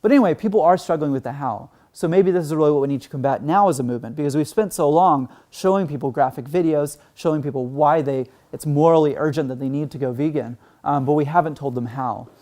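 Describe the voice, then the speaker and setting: A man's voice: on the high side, fast talker, hardly any pauses, mellow. A man from Texas giving an earnest conference talk, full of "um" and "like" fillers. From Texas, United States. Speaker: conference speaker.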